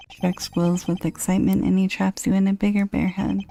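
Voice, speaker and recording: A woman reading a dating game's text aloud, with dry, deadpan asides. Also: mid-range voice, fairly quick, vocal fry, few pauses, soft background music.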